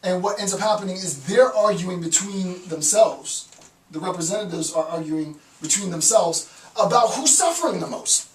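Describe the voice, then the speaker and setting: A man's voice: sits high, lively intonation, moderate pace. A man giving an informal lecture, rambling and checking in with frequent "right?" questions as he explains ideas. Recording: roomy echo from a distance, faint noise.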